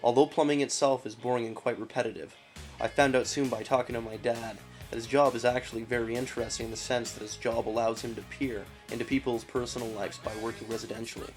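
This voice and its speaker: A man's voice: medium pitch, steady tone, brisk, over music. Young man narrating an intro. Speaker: son introducing his father's stories. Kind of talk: scripted narration.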